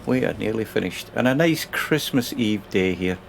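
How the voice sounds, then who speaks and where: A man's voice: on the low side, expressive, normal speed, gravelly, slight background noise. Chatty man streaming a driving game. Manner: chatty, rambling, talks to himself and chat. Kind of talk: casual gaming commentary.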